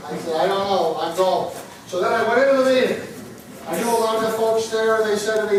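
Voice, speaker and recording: A man giving an animated, indignant speech, telling a story to a meeting audience. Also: sits high, a little fast. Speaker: political speaker. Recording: roomy hall from far off, crowd. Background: crowd.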